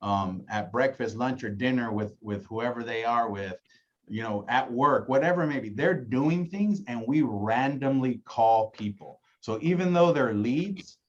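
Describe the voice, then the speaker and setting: A man's voice: medium pitch, measured pace, a little mellow. Coaching man, muffled lo-fi sound. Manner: coaching, acts out phone calls, repeats "right?". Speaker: insurance agency director. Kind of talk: casual training talk.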